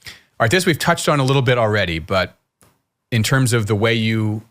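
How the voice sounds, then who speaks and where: A man's voice: medium pitch, expressive, a little fast, fairly bright tone. A middle-aged man hosting a podcast, chatting and telling stories loosely with frequent restarts. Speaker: podcast host. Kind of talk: casual conversational interview.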